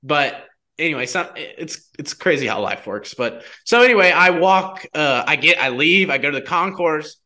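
A young man chatting casually as a guest, telling a personal story in an animated way, full of "like" fillers. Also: fairly high pitch, moderate pace. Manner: animated, heavy use of "like" fillers.

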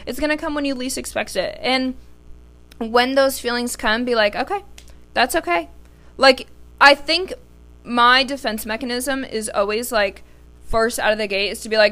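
Bright-voiced candid young woman podcaster. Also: fairly high pitch, normal speed, clean tone. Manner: candid, swears freely, heartfelt. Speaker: podcast host. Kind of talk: casual solo podcast talk.

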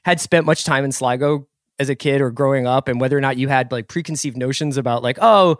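A quick-talking American man with a mid-range voice, recorded dry and close. He rambles his way into his questions, light and joking as he co-hosts. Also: medium pitch, steady tone, no echo. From United States. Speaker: podcast co-host. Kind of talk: casual podcast chat.

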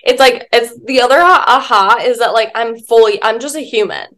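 A woman's voice: fairly high pitch, a little fast, fairly bright tone. Chatty woman coach telling a story. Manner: chatty, storytelling, frequent "like" fillers and swearing. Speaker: guest, spiritual life coach. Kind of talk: casual interview chat.

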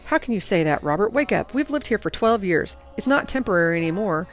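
A woman's voice: medium pitch, lively intonation, fast talker, soft background music, lightly acted. A woman voicing a worn-out mother who speaks in a pleading, emotional way. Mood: desperate. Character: worn-out mother, tender then desperate.

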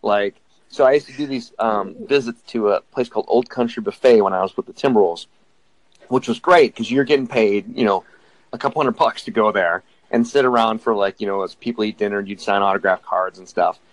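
A man's voice: on the low side, fairly quick, poor audio. A man chatting casually as a guest, telling anecdotes with lots of fillers. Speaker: guest, former mascot. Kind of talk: casual conversation.

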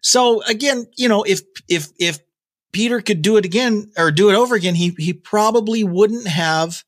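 A man's voice: high voice, normal speed. A man hosting a daily rock news podcast, talking casually with jokey asides and plenty of fillers and restarts. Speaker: podcast host.

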